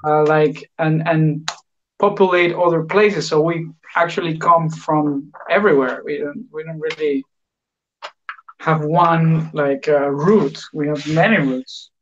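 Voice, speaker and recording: Man with a Latin American accent, high. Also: steady tone, measured pace, slight background noise. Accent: Latin American Spanish. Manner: rambling, many fillers and restarts. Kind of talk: casual chat. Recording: dull lo-fi stream audio.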